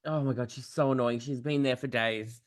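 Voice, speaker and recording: A man's voice: mid-range voice, steady tone, normal speed. An Australian man hosting a podcast as a drag performer, bubbly and gushing, tired from jet lag. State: jet-lagged, yawning. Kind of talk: casual chat.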